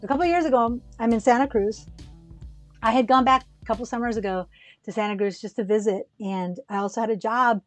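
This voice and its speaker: Woman guest, bright higher voice, chatty and animated, spins stories with laughs. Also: fairly quick, faint music behind. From United States. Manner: animated, chatty, laughs often, restarts sentences. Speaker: podcast guest, musician and educator. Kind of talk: casual storytelling chat.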